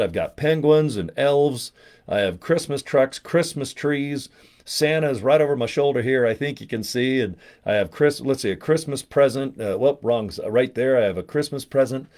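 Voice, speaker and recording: A man's voice: medium pitch, darkish tone. A man from Utah hosting a casual livestream vlog from his home studio, jokey and rambling, poking fun at himself. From Utah, USA. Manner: jokey, rambling, self-mocking. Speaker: network marketing vlogger.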